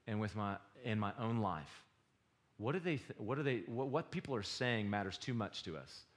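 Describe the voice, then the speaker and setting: A man preaching a sermon, swinging between loud exhortation and quiet confession. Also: medium pitch. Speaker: pastor.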